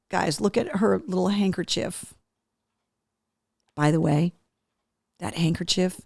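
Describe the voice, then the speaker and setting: A woman's voice: fairly low pitch, measured pace, creaky, breathy edge. A woman hosting a live talk show, chatting casually while opening gifts and cooing at a dog. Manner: animated, coos and baby-talks to a dog.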